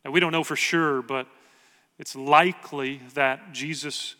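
A man's voice: fairly high pitch, steady tone, a little slow, pushed and bright, big-room sound. A man preaching a sermon as pastor, earnest and conversational, asking the congregation rhetorical questions.

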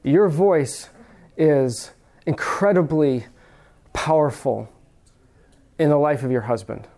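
A pastor with a fairly high, dark-toned voice delivers a sermon conversationally, throwing direct questions at the congregation. He slows right down on key phrases he wants to stress.

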